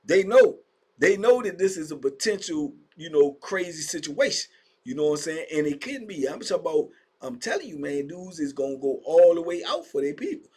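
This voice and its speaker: A man with a Virginia accent, his voice a little high for a man and slightly husky, tells prison stories in a loose, casual monologue. He gets animated and acts out the shouting of inmates and guards. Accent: Southern US, Virginia. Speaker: storyteller recounting prison life.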